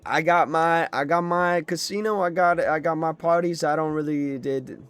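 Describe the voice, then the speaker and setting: A man's voice: on the high side, moderate pace, fairly bright tone, clean tone, voice pushed up, natural voice. A man voicing a fat male rat who runs a casino, answering defensively with stammering protests.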